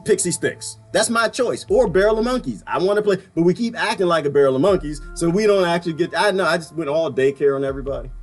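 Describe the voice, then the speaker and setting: Animated ranting man on a livestream. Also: medium pitch. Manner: animated, ranting, laughs often. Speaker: livestream host. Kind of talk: casual livestream rant.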